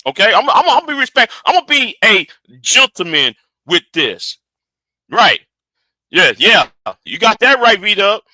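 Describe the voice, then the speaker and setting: A man hosting a livestream, reacting to a clip with animated, argumentative commentary aimed straight at his audience. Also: high-pitched, normal speed. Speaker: livestream host.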